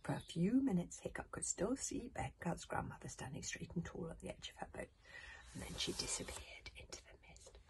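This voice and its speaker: Woman reading a kids book out loud, lots of ups and downs, drops to a whisper, slightly low voice. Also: moderate pace. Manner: expressive, drops to whispers, laughs at slips and adds asides. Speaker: reader. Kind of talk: reading a children's book aloud.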